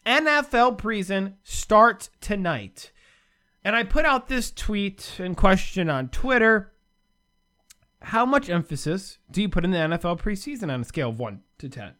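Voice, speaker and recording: A man's voice: high-pitched, animated, moderate pace, sharp tone. A man hosting a solo sports commentary show from the United States, ranting sarcastically with big swings in his voice.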